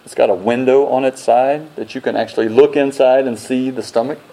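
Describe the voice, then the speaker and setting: A male pastor delivers a sermon in a relaxed, folksy manner. He talks to the congregation as if chatting, with homespun comparisons and dry joking asides. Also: mid-range voice, brisk, rough recording.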